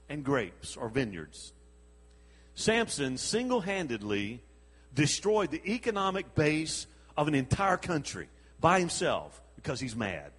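A man delivers a sermon in a voice that sits a little high and has a husky edge. He tells the story with chuckles and acts out the lines of the people in it. His words carry a long reverb, as in a large hall. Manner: animated storytelling with chuckles and acted-out quotes. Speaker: preacher.

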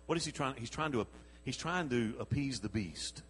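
A man's voice: medium pitch, lively intonation, a little slow, husky, in a large hall. A man preaching a sermon, telling the story with chuckles and acted-out quotes.

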